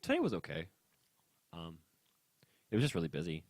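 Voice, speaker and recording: Brief: young male podcast co-host, lowish voice that swings all over, dry close sound, ranty and loose. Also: brisk, dry recording. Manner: animated, ranting, laughs often. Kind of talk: casual podcast chat.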